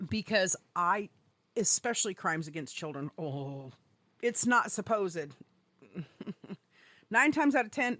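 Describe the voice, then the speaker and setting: A woman co-hosts a casual podcast, and her pitch swings widely as she jokes, swears and bursts out laughing. She sits at an average height for a woman's voice, and the sound is close and dry with no room around it. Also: dry recording. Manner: profane, excitable and laughing. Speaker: podcast co-host. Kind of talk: casual chat.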